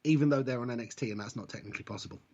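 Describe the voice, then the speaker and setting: A man's voice: mid-range voice, rapid-fire, a little mellow. A man co-hosting a wrestling podcast, talking in a rambling, jokey way and often correcting himself. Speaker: podcast co-host. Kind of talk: casual chat. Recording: dull lo-fi audio.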